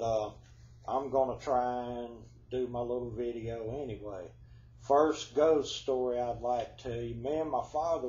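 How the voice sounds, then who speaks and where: A man's voice: mid-range voice, dark tone, reverberant, highs cut off. A man telling ghost stories in a folksy, drawling way, his voice congested from flu-like symptoms. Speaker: storyteller. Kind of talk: casual ghost storytelling.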